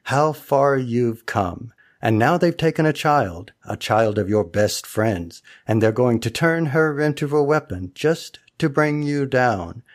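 A man's voice: mid-range voice, animated, unhurried, hardly any pauses, lightly acted. A man reciting River Song's confrontation with the Doctor from memory, in close to his own voice. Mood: accusing. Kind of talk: recited dramatic monologue.

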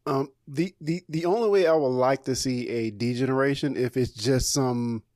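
A man co-hosting a casual podcast, speaking quietly and hesitantly, often restarting his sentences. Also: medium pitch, moderate pace, dry recording, studio quality. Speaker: podcast co-host.

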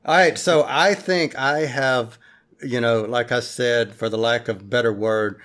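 Male podcast host, mid pitch, slow deliberate delivery, rambling casual chat full of fillers. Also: fairly bright tone. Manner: rambling, hesitant, many fillers and restarts.

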